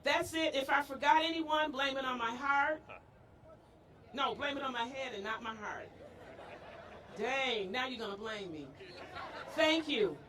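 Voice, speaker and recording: Lady shouting thanks at a rally, high voice, far from the mic with noise around. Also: crowd noise. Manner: effusive, drawn-out calls, thanking groups. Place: outdoor rally at a school parade. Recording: distant outdoor news mic with street noise.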